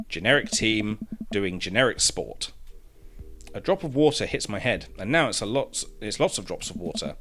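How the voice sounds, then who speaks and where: A man commentating a dating game, reading its text aloud with sarcastic, animated asides, his throat hoarse. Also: on the low side, moderate pace, a little hiss or hum. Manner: animated, sarcastic, swears freely. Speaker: gaming streamer.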